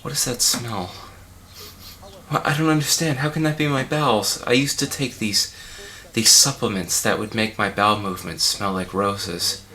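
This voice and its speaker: A man's voice: fairly low pitch, steady tone, moderate pace, bright, forceful tone. A man playing an unwell, pompous male art-film director who rambles and panics in an improvised comedy commentary track. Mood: rambling. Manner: rambling, self-important, panicky. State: unwell and dizzy.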